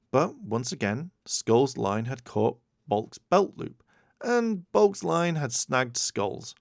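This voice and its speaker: Gravelly man reading a storybook aloud. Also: medium pitch, slow, no echo, clean studio sound. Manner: expressive read-aloud narration. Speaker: narrator. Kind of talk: audiobook reading.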